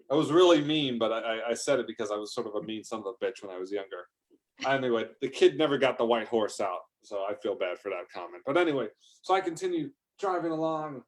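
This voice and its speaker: A man's voice: medium pitch, brisk. A man improvising a rambling comic story, talking in a loose, profane way with sudden exaggerated outbursts. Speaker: comedic storyteller.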